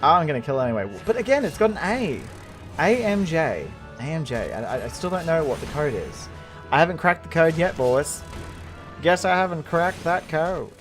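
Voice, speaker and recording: A man's voice: on the high side, animated, moderate pace. A man doing a casual let's-play commentary, rambling and giggling, mocking himself as he plays, with game music behind. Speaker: gaming channel host.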